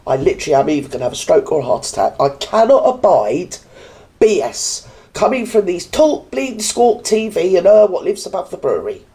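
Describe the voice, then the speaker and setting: Woman, British accent, sarcastic rant, swooping lively pitch, mellow dark tone. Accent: British English. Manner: sarcastic, indignant, mocks others in put-on voices. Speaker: reaction video host. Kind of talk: ranting commentary. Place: indoors, standing.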